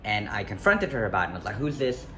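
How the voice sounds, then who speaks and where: In a racing, sing-song delivery with a lowish voice and a bright, forceful tone, a young man vlogs casually about something that happened to him. He rambles, fixes his own words, and uses many fillers as traffic and street sounds faintly pass behind him.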